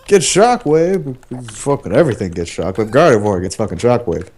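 A man's voice: fairly low pitch, animated, quick pace, darkish tone, slightly rough. A man chatting about a video game with friends, blunt and profane. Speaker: let's play co-host. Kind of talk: casual gaming chat. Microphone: home computer mic, online voice chat.

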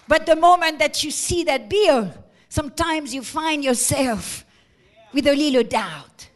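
A woman pastor preaching a sermon emphatically, repeating words as she builds to shouted peaks. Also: high-pitched, lively intonation, unhurried.

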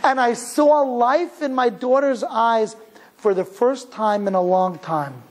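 A man's voice: very high-pitched, takes it slowly, pitched above the performer's own voice, poor audio. A man voicing a heartbroken mother who speaks in a tearful, emotional, pleading way as she tells another mother about her daughter.

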